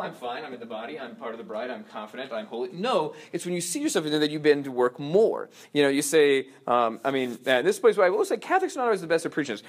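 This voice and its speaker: A man leads a church study class in a loose, conversational way. His voice sits a little high, and he wanders off, fills gaps with "um" and "uh", and corrects himself as he goes. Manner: chatty, rambling, frequent fillers and restarts. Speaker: RCIA class teacher. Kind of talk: casual classroom teaching.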